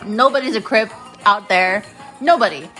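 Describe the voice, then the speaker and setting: Woman, late 20s, podcast host, profane confessional rant, crisp bright tone, soft music underneath. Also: mid-range voice, moderate pace, low-quality recording. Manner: blunt, profane, heated ranting.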